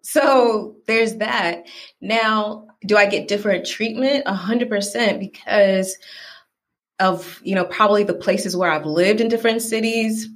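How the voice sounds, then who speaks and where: A woman's voice: medium pitch, measured pace. A woman from the American South with a Southern accent, chatting casually as a podcast guest and acting out the people in her stories. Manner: animated storyteller who acts out quoted people. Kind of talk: casual conversation.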